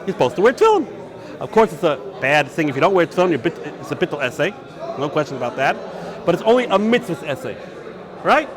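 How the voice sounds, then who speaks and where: Delivering an energetic yeshiva lecture on Jewish law, a rabbi talks fast in a voice that is high for a man and ranges widely in pitch. He raises questions and answers them himself, sprinkling Hebrew and Yiddish terms through his English, while a crowd can be heard behind him.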